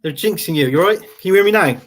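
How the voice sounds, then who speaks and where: A man's voice: sits high, lively intonation, rapid-fire, fairly bright tone. A man hosting a football live stream, reading out viewer comments in a chatty way with frequent laughs. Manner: chatty, laughs often, repeats phrases. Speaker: host of football show.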